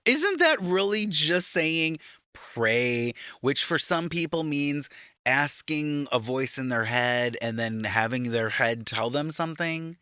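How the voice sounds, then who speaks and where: A podcast co-host with a lively, swooping delivery and a bright, forceful tone, recapping a reality show in casual chat. This speaker mocks and swears freely and keeps breaking into exaggerated high-pitched impressions. The sound is close and dry. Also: takes it slowly, clean tone, no room sound. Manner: animated and mocking, swears, slips into shrill impressions.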